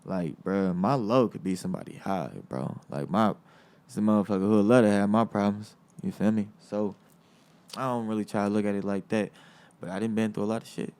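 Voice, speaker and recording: A man's voice: on the low side, steady tone, a little fast, darkish tone, clean tone. A young man from South Berkeley, a rapper guest in an interview, talking casually with street slang, heavy swearing and defiant emphasis. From South Berkeley, California.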